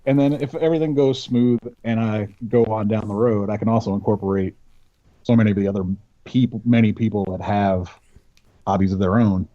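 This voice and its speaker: A man's voice: lowish voice, steady tone, brisk, no echo, highs cut off. A man chatting easily as a podcast guest, rambling a little as he explains his hobbies. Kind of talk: casual chat.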